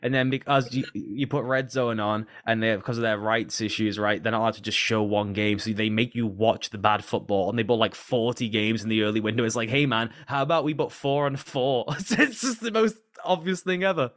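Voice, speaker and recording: A man co-hosting a casual sports podcast, talking in animated rants and often laughing. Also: lowish voice, no room sound, clean studio sound. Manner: animated, quick to laugh and rant. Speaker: podcast co-host. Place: lives in the UK.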